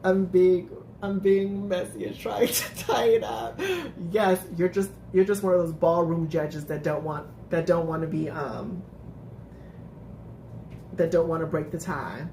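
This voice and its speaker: A woman's voice: fairly low pitch, steady tone, unhurried, gravelly, warm tone, a little hiss or hum. A woman hosting a casual live-stream recap, chatting with viewers, laughing often and restarting her sentences. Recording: echoey room.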